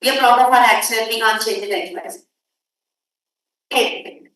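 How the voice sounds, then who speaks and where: A woman teaching a workshop, lecturing students and briskly telling them to hurry up. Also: fairly high pitch, fairly even intonation, a bit bright. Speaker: workshop instructor. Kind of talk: classroom lecture. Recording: echoey room audio from far off.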